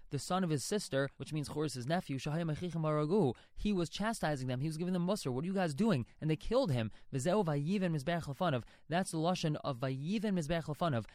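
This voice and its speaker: A man's voice: on the high side, no room sound, clean studio sound. A man teaching a religious text line by line, reading each phrase and then translating and explaining it. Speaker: Torah teacher.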